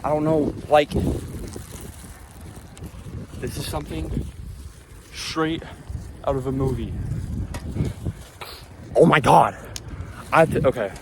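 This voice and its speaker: A man talking slowly into his phone while riding outdoors, panicky and rambling to himself, swearing and a little out of breath. Wind rushes loudly over the mic, and passing traffic sounds behind him. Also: a little high, vocal fry. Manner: panicky rambling, swearing, anxious self-talk. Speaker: vlogger. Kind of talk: casual vlog while cycling. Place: outdoors on a road at dusk.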